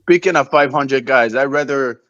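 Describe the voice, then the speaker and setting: A man's voice: mid-range voice, normal speed, a bit bright, no echo, dull audio. A man co-hosting a casual stream chat, often stumbling and repeating his words. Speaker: co-host.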